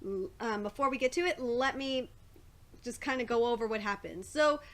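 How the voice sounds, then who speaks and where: A woman streaming a live reaction to a comic, excitable and profane, often breaking into shrieks. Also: on the high side, normal speed.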